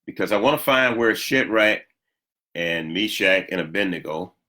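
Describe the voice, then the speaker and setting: Bright-voiced preacher man, emphatic delivery. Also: animated, normal speed. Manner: emphatic preaching with sudden jumps in pitch and repeated lines for the congregation. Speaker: pastor. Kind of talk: sermon.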